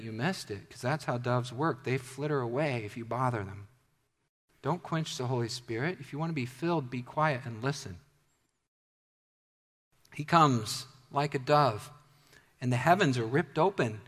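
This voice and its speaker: A man preaches to his congregation, shifting between loud, emphatic declarations and quiet, intimate asides. His voice sits in an ordinary middle pitch and carries the long reverb of a large church hall. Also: lively intonation, moderate pace. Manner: dynamic, swings from loud emphatic bursts to hushed asides. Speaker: pastor. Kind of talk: sermon.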